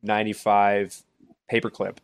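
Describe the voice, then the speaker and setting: Wisecracking low-voiced podcast man. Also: level tone, normal speed, creaky, smooth, no echo, clean studio sound. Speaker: podcast co-host. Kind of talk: casual chat.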